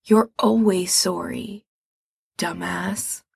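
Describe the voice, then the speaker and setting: A woman voicing a sick, weary young man who scolds his brother in sharp, exasperated words. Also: on the high side, animated, unhurried, vocal fry, breathy edge, no room sound, clean studio sound, voice pushed up, exaggerated voice.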